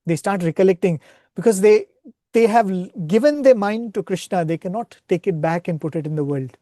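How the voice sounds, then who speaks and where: A man's voice: high-pitched, lively intonation, brisk, warm tone, no echo, studio quality. A man speaking at a spiritual retreat, earnestly retelling scripture stories in a devotional talk and often checking in with "right?".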